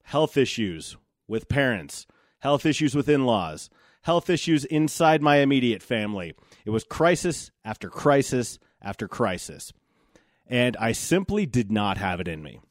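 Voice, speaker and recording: A man's voice: medium pitch, sing-song, measured pace, dry recording, clean studio sound. A man in his forties hosting a solo podcast, talking candidly and reflectively, with casual swearing. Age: 40s. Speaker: podcast host.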